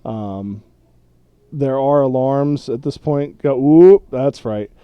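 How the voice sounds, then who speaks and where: A man runs a tabletop game, narrating loosely with stops and restarts. His voice is mid-pitched and easygoing. The sound is dry and close, with no room echo. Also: smooth, lo-fi sound. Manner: loose, laughing, halting narration. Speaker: game master.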